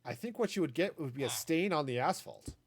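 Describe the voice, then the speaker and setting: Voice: medium pitch, expressive, a little fast, slightly rough. Playful rambling gaming streamer in their 40s. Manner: rambling and playful, making puns and asides. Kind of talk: casual live-stream chat while playing.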